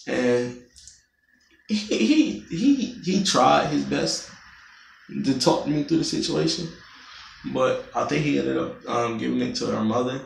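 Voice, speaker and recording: A young man with a gravelly, creaky voice tells a story full of cursing for his vlog. His voice sits at an average pitch, and the sound is roomy, picked up from some distance. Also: unhurried, pauses often. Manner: profane, animated storytelling. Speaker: vlogger.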